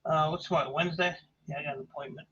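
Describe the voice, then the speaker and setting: Man, livestream chat, hoarse, rambling and offhand, bright husky voice, dull lo-fi audio. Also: fairly high pitch, fairly even intonation, racing, a little hiss or hum. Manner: rambling, offhand, self-mocking. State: hoarse from talking for hours. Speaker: livestreamer taking apart e-waste.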